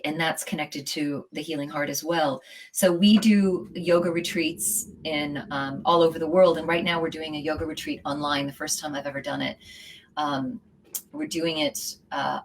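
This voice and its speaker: A woman's voice: low-pitched, slight background noise, low-quality recording. A middle-aged woman, a yoga teacher, talking earnestly and from the heart as an interview guest, her thoughts running on. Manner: earnest and heartfelt, speaks in flowing run-on thoughts. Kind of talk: casual interview talk.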